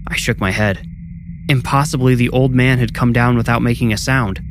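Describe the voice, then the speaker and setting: A man narrating a scripted first-person horror story in a measured, low-key way. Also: fairly even intonation, background noise. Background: music.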